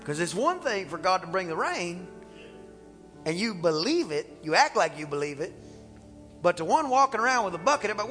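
Male pastor, bright forceful voice, playful animated sermon, church hall reverb, faint music behind. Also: high-pitched, fairly quick. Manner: animated, playful, acts out dialogue. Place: church sanctuary.

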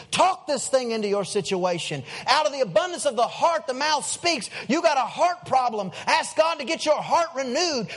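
Folksy preacher, high voice. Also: male voice, a bit bright. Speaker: pastor. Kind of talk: sermon. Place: church sanctuary.

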